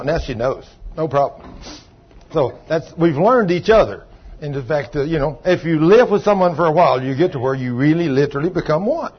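An older man preaching a sermon in a folksy way, husky, swinging from soft asides to loud calls. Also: on the high side. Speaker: pastor. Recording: dull lo-fi sound.

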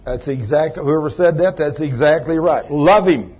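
A man's voice: fairly high pitch, normal speed, slightly rough, highs cut off. A man preaching a sermon, folksy and chatty, calling on members of the congregation by name. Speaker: pastor. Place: church.

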